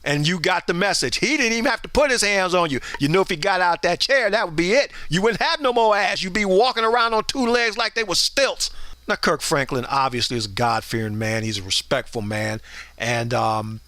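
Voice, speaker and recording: A man's voice: high voice, expressive, fairly quick, bright, forceful tone, no echo. A middle-aged man hosting a commentary show, delivering a blunt, preachy monologue and acting out the people in his stories. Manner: preachy, blunt and emphatic, acts out voices in stories.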